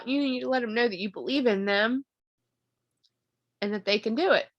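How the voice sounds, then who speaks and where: Earnest and emotional, this woman in her thirties leads her team through a motivational video call, rambling with fillers as she becomes tearful and her voice breaks. Her voice is on the high side and fairly bright, in a dry recording.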